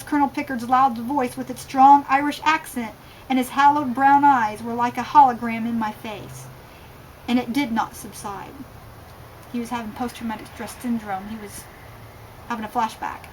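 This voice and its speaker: A woman's voice: a little high, slight background noise, poor audio. A novelist reading a chapter of her own book aloud, stopping now and then to comment on the text. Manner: calm reading with asides about the text.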